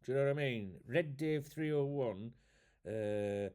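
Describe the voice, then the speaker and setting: A man's voice: medium pitch, a little slow, darkish tone, clean tone. A man from England, chatting casually and swearing freely to his viewers in a rambling, jokey way. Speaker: YouTube host.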